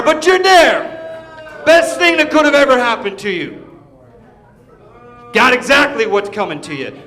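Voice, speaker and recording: A man with a very high, sharp voice rants in a wrestling arena, mocking his opponent and shouting insults. This is a heel wrestler's promo, sneering and loud.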